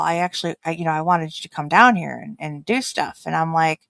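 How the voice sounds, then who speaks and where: A woman chatting casually, telling a story with lively acted-out quotes and frequent laughter. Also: deep voice, brisk, gravelly, hardly any pauses, no room sound. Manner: animated, acts out quotes, laughs often. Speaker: podcast host.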